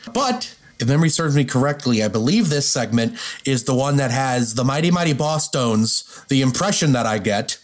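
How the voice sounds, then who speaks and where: Man, mid-pitched voice, jokey, playful, casual podcast chat.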